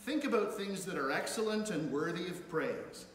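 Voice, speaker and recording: A man preaches from the pulpit, his voice slightly high and rising with emphasis whenever he reads scripture aloud. The sound rings through a large church with heavy echo and a long reverb tail, and a faint room noise sits underneath. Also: lively intonation, moderate pace, a bit bright. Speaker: pastor. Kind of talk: sermon. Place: church sanctuary.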